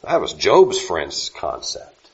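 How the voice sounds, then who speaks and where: A man preaching a sermon, swinging from loud emphatic lines to soft, slow ones. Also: low-pitched, huge pitch swings, vocal fry, muffled recording.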